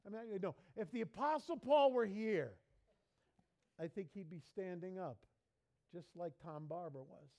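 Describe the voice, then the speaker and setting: A man preaching in a church as pastor, lively and playful, mimicking people for laughs. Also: high voice, unhurried. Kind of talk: sermon.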